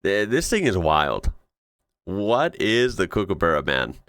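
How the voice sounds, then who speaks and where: A man hosting a casual reaction video, excitable and slangy, laughing often as he comments on clips. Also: low-pitched, a little slow, noisy background.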